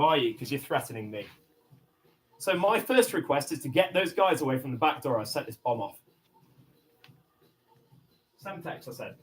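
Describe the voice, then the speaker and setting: An Englishman livestreaming from inside a house, aggressive and profane, swinging between low muttering and angry shouting as he makes demands. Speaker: livestreamer in a police standoff. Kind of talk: livestreamed confrontation.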